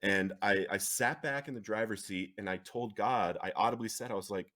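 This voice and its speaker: A man in his thirties recounts his own story of hitting bottom and getting clean. His voice sits a little low, and he talks with raw earnestness. He swings between heavy, quiet moments and bursts of animated, laughing storytelling. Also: normal speed, few pauses. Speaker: podcast guest sharing recovery story. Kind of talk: emotional personal storytelling.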